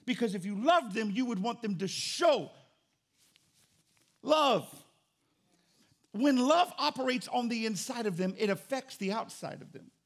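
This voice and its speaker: A middle-aged man preaching a sermon as pastor, conversational and joking, with an animated delivery. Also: extremely high pitch, a little slow, long pauses.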